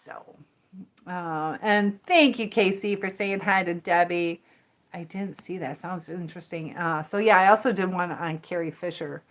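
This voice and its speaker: A woman with a slightly low voice hosts a relaxed livestream, chatting loosely and reading viewer comments out loud. She rambles from one story to the next in an easy, talkative way, like a teacher and coach who is at home on camera. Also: unhurried. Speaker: livestream host.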